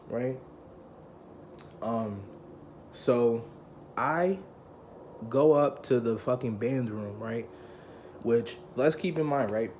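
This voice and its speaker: A man's voice: medium pitch, takes it slowly, long pauses, slight background noise. Slangy, profane young man telling a story. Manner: heavy profanity, slangy, loose and conversational; animated, acts out quoted people. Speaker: vlogger telling a personal story. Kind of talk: casual storytelling.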